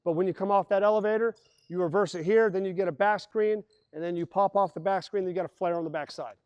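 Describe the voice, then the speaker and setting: A man with a high-sitting, clean voice talks fast, coaching a basketball team through plays in an indoor gym, recorded dry with dull audio. He explains with energy, calling out actions and acting out the players' voices.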